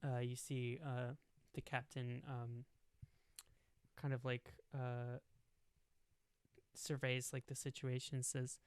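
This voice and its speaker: A man's voice: medium pitch, monotone, slow pace, long pauses, clear, resonant tone, no room sound. A young man narrating a tabletop game as game master, rambling with lots of fillers. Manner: rambling, full of "like" and "um".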